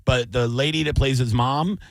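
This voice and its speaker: A married man hosting a radio aftershow, chatting in a casual, jokey way and exclaiming loudly when surprised. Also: medium pitch, fairly even intonation, normal speed, dry recording, clean studio sound. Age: adult, married. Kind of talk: casual on-air banter.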